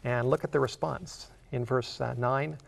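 A man's voice: mid-range voice, steady tone, normal speed, creaky. A man preaching a sermon. He explains a Bible passage as a story in an earnest way and builds to emphatic questions.

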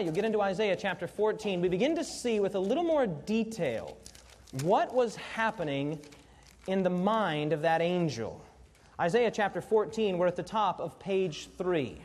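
Middle-aged male preacher, very high voice, storytelling sermon, asks the congregation questions.

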